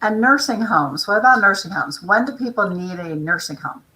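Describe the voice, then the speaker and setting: Bright-voiced chatty woman host. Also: mid-range voice, lively intonation, normal speed, rough recording. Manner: chatty, long run-on explanations. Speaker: talk show host. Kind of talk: casual interview chat.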